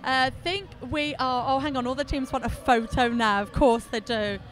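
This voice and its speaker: A woman's voice: high-pitched, normal speed, soft background music. A woman commenting live on a roller derby game, chatty, giggly and self-mocking. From England.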